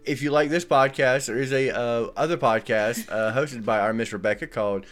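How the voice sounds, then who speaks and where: A man's voice: medium pitch, moderate pace, faint music behind. A man with a Southern US accent hosting a casual podcast chat, loose and joking. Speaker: podcast host.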